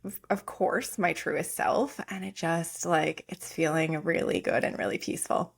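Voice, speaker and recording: A woman's voice: sits low, steady tone, measured pace, creaky, slightly rough. A woman hosting a podcast in a casual chat, gushing and upbeat, often using "like.". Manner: gushing and upbeat, heavy use of "like". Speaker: podcast host and oracle coach.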